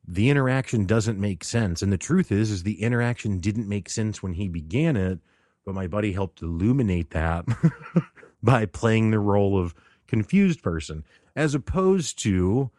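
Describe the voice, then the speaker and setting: A man's voice: lowish voice, a little mellow, dry recording, studio quality. A man hosting a casual solo podcast, talking loosely, laughing often and acting out the people he quotes. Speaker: podcast host.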